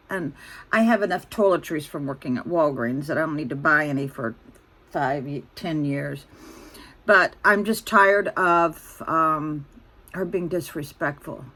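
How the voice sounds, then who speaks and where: A woman's voice: low-pitched, bright, forceful tone. A woman in her sixties, venting bluntly and ramblingly to her phone camera. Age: 60s. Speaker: vlogger.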